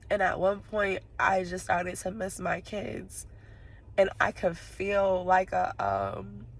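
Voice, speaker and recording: Her voice low and creaky, a woman sits in her parked car talking casually to her viewers, crying and sniffling as she rambles and laughs through the tears.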